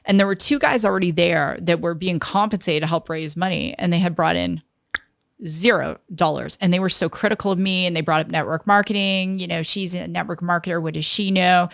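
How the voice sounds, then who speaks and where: A woman in her fifties, a guest in an interview, telling a lively story and acting out what others said. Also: on the low side, fairly quick, creaky, no room sound, studio quality. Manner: lively storyteller who acts out quoted dialogue. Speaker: interview guest, tech entrepreneur.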